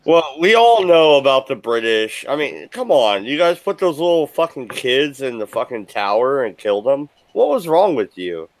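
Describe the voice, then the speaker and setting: A man's voice: medium pitch, sing-song, normal speed, hardly any pauses, dry recording, rough recording. A man from the US hosting a livestream, ranting casually with crude jokes. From United States. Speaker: livestream host. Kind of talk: casual chat.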